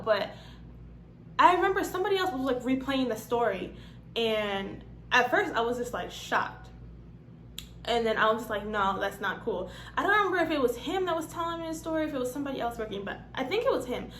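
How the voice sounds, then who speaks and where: A young woman casually telling a personal story, acting out what others said in different voices and swearing freely. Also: on the high side. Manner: animated, acts out quotes in different voices, swears. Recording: echoey room, faint background hum.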